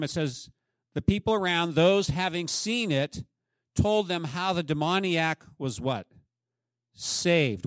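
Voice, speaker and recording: A man's voice: a little high, no room sound, studio quality. A man preaching a sermon as pastor, emphatic and often asking the congregation questions.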